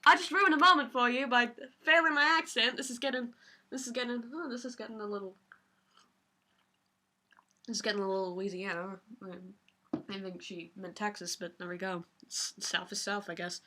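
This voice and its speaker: A woman's voice: medium pitch, fairly even intonation, normal speed, pushed and bright, slight background noise. A woman reading a game aloud with casual, self-mocking, swearing commentary. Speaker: let's play commentator reading all parts.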